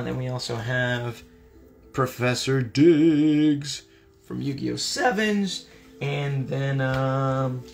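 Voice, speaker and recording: Upbeat gravelly man chatting on a livestream. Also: medium pitch, pushed and bright. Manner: laid-back, upbeat, chatty with viewers. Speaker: voice actor signing autographs on a livestream. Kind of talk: casual livestream chat.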